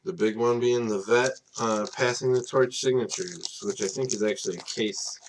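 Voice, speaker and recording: A man with a fairly low voice runs a live card break, listing players and teams in a steady, plain run. He sounds worn out and casual, yawning now and then after a long day. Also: moderate pace, noisy background. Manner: tired, casual, apologizes for yawning; reads off names in a steady list.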